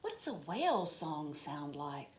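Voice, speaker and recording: A woman leading a church children's story, expressive and gentle, asking the children questions and dropping to soft whispers for effect. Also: sits low, measured pace, slight background noise. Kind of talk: reading a children's story and sermon.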